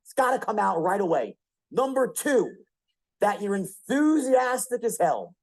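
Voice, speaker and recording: A man's voice: high-pitched, big pitch swings, normal speed, a little mellow, rough recording. A man giving a motivational sales seminar, emphatic and profane, hammering key phrases and quizzing his audience. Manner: profane, punchy delivery. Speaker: sales trainer.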